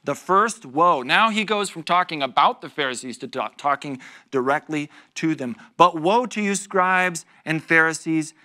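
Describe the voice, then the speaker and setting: In church, a bright, animated male pastor with a slightly high voice teaches a Bible study as a conversational sermon. He tells self-deprecating stories with laughs and asides to the congregation.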